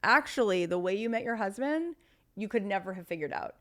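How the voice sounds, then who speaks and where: A woman in her thirties, a podcast guest telling stories in casual conversation, chatty and animated with lots of fillers. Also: medium pitch, a little fast.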